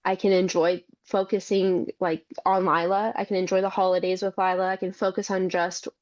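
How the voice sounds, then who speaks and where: A woman's voice: lowish voice, flat delivery, normal speed, a little mellow, dull audio. A young woman, a mother and caregiver, speaking earnestly as a podcast guest and telling her story in long run-on sentences. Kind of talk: conversational interview.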